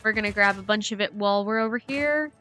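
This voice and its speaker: Bright-voiced young woman streaming a game. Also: medium pitch, fast, faint music behind. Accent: light Southern American. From Southern United States. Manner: chatty, rambling, giggly, talks to herself while playing. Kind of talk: casual chat while gaming, reading chat.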